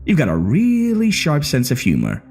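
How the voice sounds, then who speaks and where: A man's voice: fairly high pitch, huge pitch swings, moderate pace, creaky, a little mellow, soft background music, voice pushed up, full character voice. A man voicing a bitter, sneering male gunman who taunts his hostages in a horror story narration. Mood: mocking. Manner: mocking, swaggering taunts.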